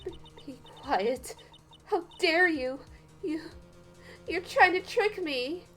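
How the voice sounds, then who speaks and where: A woman's voice: very high-pitched, animated, slow, fairly bright tone, soft background music, pitched above the performer's own voice, full character voice. A woman voicing a panicked young female witness who stammers and pleads in a rising voice, as part of a game voice reading. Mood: defensive. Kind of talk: let's play voice reading.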